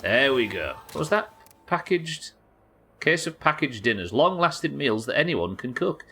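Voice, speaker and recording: A man's voice: medium pitch, very animated, normal speed, bright, forceful tone, faint music behind. A man hosting a live gaming stream, chatting to viewers and swearing as he plays. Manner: sweary, chatty, talks to chat while playing. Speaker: livestream host.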